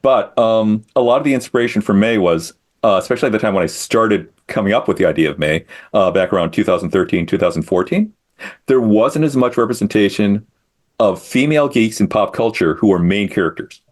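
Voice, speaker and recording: A middle-aged comic creator appears as an interview guest, explaining his work casually, thoughtfully, and with self-deprecation. His voice is on the low side, with lively intonation and a fairly quick pace.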